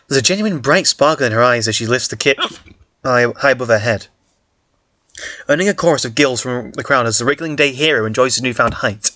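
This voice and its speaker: A man's voice: medium pitch, brisk, sharp tone, no echo. A man casually reading a fan comic aloud, swearing and stumbling over words. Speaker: reader.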